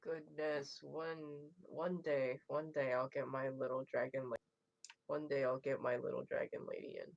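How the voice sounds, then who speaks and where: Low, gravelly, slow-talking woman. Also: little pitch movement, darkish tone. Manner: slow, exasperated, swears. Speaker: tabletop game player. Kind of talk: casual chat between game players. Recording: dull lo-fi mic.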